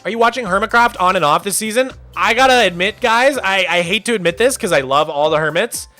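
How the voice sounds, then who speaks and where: A man chatting casually on a game livestream, answering viewers' questions and thanking donors in a bright, clear voice. His pitch is a touch high for a man and swings a lot as he talks. Faint music plays underneath. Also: animated, brisk, dry recording. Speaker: streamer.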